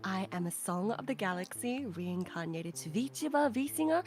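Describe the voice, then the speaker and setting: A woman's voice: medium pitch, expressive, normal speed, a little mellow, soft background music. A woman guest streamer from Australia chatting in a giggly, flustered and flirty way. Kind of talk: playful casual chat.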